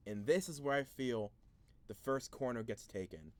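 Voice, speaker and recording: A man's voice: mid-range voice, expressive, moderate pace. A man hosting a casual sports video, thinking aloud through a mock draft, rambling and easily frustrated, with many restarts.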